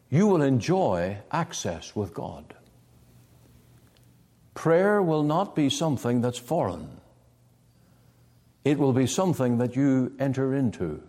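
A man preaching a sermon, emphatic, with wide swings of pitch. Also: warm tone, big-room sound.

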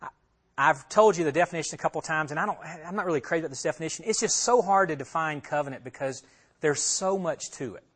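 A man's voice: on the high side, expressive, fast, a bit bright. A man teaching a Bible passage as a pastor, conversational, asking his listeners questions and repeating himself as he talks it through. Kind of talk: expository sermon.

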